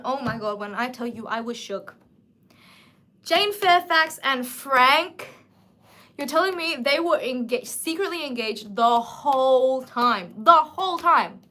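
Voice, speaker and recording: A woman in her twenties hosting a casual livestream book chat, animated and emphatic. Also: high voice. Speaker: livestream host.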